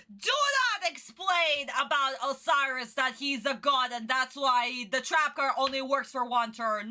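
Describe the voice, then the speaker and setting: Woman streamer going off about a cartoon, high bright voice, slow and swingy. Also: expressive. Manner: exasperated ranting, swearing. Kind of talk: casual reaction commentary.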